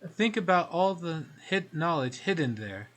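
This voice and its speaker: A man's voice: fairly high pitch, sing-song, unhurried, a bit bright, voice pushed up. Brief: man voicing a dry, aloof female fox-spirit scholar, game dialogue read aloud.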